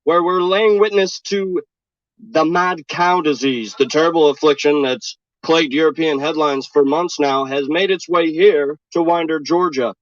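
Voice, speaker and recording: A deadpan local TV reporter speaks in a slow, mock-formal broadcast manner, played by a man. His voice sits high, and the clip sounds muffled and dry. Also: no echo, natural voice. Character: deadpan male TV news reporter. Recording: dull lo-fi clip audio.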